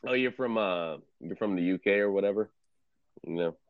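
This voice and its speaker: Deep-voiced dude on a video call, laid-back, swears a lot, teasing people, kinda dull lo-fi sound. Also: male voice, moderate pace, smooth, no room sound. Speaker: streamer and tarot card reader. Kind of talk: casual video chat banter.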